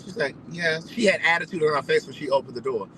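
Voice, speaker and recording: A man telling a story in a casual, animated, profane way, repeating phrases for emphasis. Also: on the high side, rapid-fire, background noise. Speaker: vlogger.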